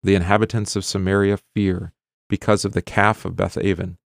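A man's voice: low-pitched, level tone, moderate pace, creaky, dry recording, studio quality. A middle-aged man, a pastor, reading long scripture passages with rising emphasis and explaining them in loose, filler-laced asides. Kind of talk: bible reading and teaching.

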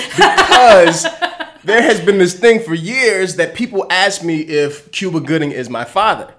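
A man telling a story in casual chat, animated and laughing, swearing freely. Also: high voice, measured pace.

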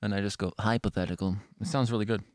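A man's voice: lowish voice, very fast, a little mellow, no echo, clean studio sound. A young Canadian man co-hosting a podcast, joking around in casual chat, swearing casually and laughing often. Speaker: podcast co-host.

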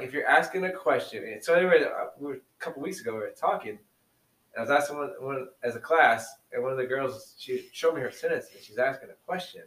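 A man's voice: mid-range voice, a bit bright, recorded from a distance. Roomy-sounding man telling classroom stories. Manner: storytelling, laughs easily. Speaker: teacher and podcast co-host. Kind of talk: casual chat. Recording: roomy echo, set back from mic.

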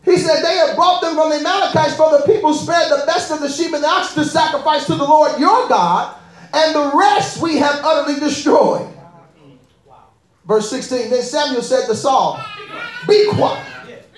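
A woman preaching a sermon in a lively, animated way, often laughing and calling out to the congregation. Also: high-pitched, normal speed. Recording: echoey room.

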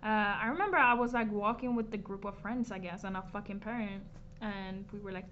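A woman's voice: mid-range voice, brisk, hardly any pauses. A young woman chatting casually with a friend, laid-back and slangy, swearing now and then. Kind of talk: casual chat. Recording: dull lo-fi sound with faint background noise.

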